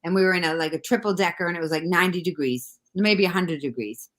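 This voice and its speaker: A woman from Boston with a Boston accent, a comedian telling a story in casual podcast chat, quoting people as she goes. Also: fairly low pitch. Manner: fast, animated anecdote-telling with acted-out quotes. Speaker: guest comedian.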